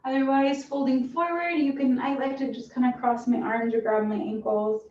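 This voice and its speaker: A woman fitness instructor calmly cueing a stretching class with encouraging guidance. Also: high voice, normal speed. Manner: calm, encouraging cueing with soft breathy asides. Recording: roomy, distant, dull sound with faint hiss.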